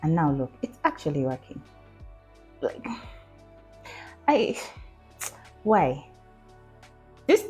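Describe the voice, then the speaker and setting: Excitable woman vlogging, low mellow voice, faint music behind, keeps squealing about stuff. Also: a little slow, pauses often. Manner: bubbly, animated, mimics the chatbot in funny voices. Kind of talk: casual vlog chat.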